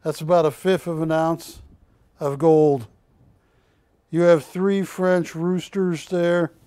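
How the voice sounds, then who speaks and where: Male shopping-channel host, slightly high voice, unhurried folksy joker with a hard sell. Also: warm tone, smooth, dry recording. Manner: folksy, joking, pushy salesman. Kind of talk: live TV sales pitch.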